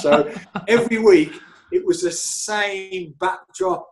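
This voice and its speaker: A former footballer and physio telling stories in an animated, chatty way, repeating himself and laughing often. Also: male voice, high-pitched, a little slow. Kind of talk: casual storytelling interview.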